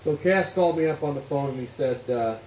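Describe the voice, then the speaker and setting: A man's voice: on the high side, brisk, darkish tone, a little hiss or hum. A man preaching as a pastor, telling a story and acting out the voices of the people in it. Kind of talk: sermon storytelling. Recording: echoey hall, distant mic, dull sound.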